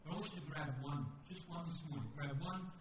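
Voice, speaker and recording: A man's voice: a little high, fairly quick. A man preaching a storytelling sermon, candid and conversational, often restarting his sentences. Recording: echoey hall, distant mic, faint noise.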